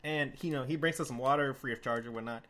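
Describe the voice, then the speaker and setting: A man's voice: medium pitch, quick pace, bright, forceful tone. A young man from Mexico co-hosting a casual chat, telling a rambling story with lots of fillers and laughter. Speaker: co-host.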